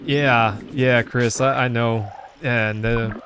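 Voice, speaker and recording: A man's voice: mid-range voice, fairly even intonation, slow, background noise. A man with a Southern US accent streaming a retro game, chatting casually and rambling to his chat with many fillers. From Southern United States. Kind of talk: casual live-stream chat while gaming.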